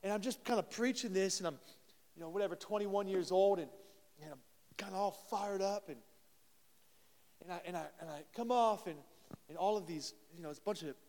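A pastor man in his thirties preaching a sermon, telling stories with lively restarts and repeated words. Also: high voice, brisk, long pauses. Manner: animated storytelling with many restarts. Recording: long hall reverb.

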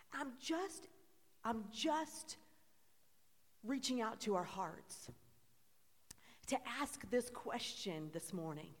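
Animated woman preaching in a reverberant hall. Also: a little high, takes it slowly, pauses often. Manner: animated preaching with call-and-response questions. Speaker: pastor. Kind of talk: sermon. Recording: long reverb in a church hall.

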